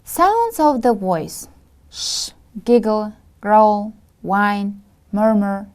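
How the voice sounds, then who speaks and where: A woman from Kyrgyzstan teaching an English lesson on a video, calmly listing vocabulary for her students one word at a time. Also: medium pitch. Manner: slow, deliberate listing of words to students.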